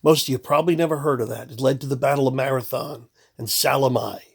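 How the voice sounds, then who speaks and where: A man's voice: medium pitch, fairly even intonation, quick pace, creaky, husky. A man delivering a blunt, contemptuous political rant full of sarcasm. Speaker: political commentator. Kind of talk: ranting monologue.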